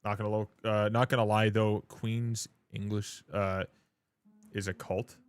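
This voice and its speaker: A man's voice: fairly low pitch, level tone, measured pace, clean tone, no echo, faint music behind. A man chatting loosely on a live stream. He swears freely, laughs often and keeps calling people dude and brother. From Canada. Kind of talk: casual live-stream chat.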